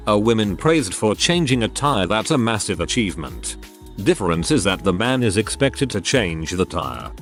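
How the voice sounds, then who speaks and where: A man narrating reader posts in a scripted read, spelling out abbreviations and reading lists flatly. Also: fairly low pitch.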